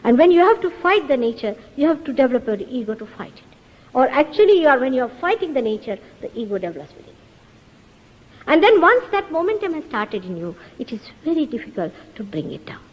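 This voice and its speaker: A woman in her fifties delivers a spiritual talk in an emphatic, earnest way, often turning to rhetorical questions. Her voice sits fairly high and swings widely in pitch. The 1970s recording carries the long reverb of a lecture hall. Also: sing-song, quick pace. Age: 50s. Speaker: spiritual teacher.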